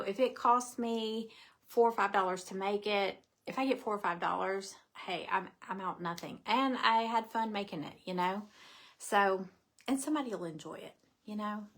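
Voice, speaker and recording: A woman's voice: mid-range voice, fairly bright tone. Woman, middle-aged, casual live chat, rambling, a little out of breath. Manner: rambling, chatty, repeats herself, says "you know" often. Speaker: craft business owner.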